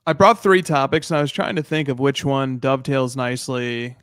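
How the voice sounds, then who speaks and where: A man who is a regular panelist on a podcast, speaking in a thoughtful, measured way in casual chat. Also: mid-range voice, steady tone, a bit bright, smooth, no echo, clean studio sound.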